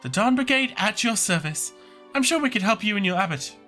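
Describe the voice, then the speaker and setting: A man voicing a kind, hopeful young woman in a game, speaking softly and earnestly. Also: high voice, expressive, fairly quick, soft background music, pitched above the performer's own voice. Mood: gentle. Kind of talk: voicing game dialogue on a let's-play.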